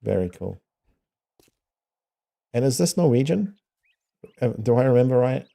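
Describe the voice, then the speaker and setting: Slow, dark-voiced New Zealand man. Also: mid-range voice, expressive, gravelly. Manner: playful, laughs often while sounding out words. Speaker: streamer. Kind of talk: casual chat with viewers.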